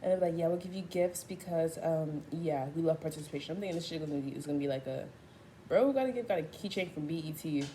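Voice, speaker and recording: A woman's voice: low-pitched, fast, hardly any pauses, a little hiss or hum. An eighteen-year-old woman chatting casually to camera in a vlog, telling stories with a lot of slang and swearing. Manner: profane, animated storytelling with slangy asides. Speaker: vlogger.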